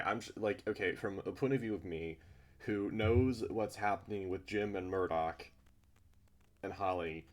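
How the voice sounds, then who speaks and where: A man reading a visual novel aloud, breaking off for blunt, sweary asides. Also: low voice. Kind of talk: reading a story aloud with casual commentary.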